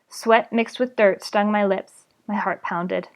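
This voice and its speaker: A woman's voice: mid-range voice, a little slow. Woman reading a novel aloud. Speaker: reader streaming a book aloud.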